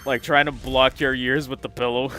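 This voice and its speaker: A man's voice: medium pitch, level tone, moderate pace, pushed and bright, faint music behind. A man chatting casually while playing a video game, rambling with lots of "like" and laughter. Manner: rambling, laughing, heavy use of "like". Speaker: gaming channel host. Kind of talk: casual let's-play commentary.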